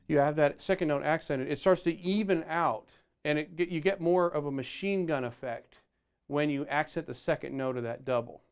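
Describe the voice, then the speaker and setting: A man's voice: fairly high pitch, normal speed, over music. A man teaching foot technique on the drums, explaining step by step and counting beats and singing out rhythms aloud. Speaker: drum teacher. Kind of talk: instructional drum lesson. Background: faint drums and click track.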